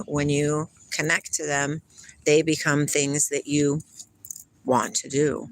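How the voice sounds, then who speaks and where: A woman's voice: deep voice, fairly bright tone, dry recording. A middle-aged woman vlogging a rambling spiritual monologue, laughing often and talking to her parrot.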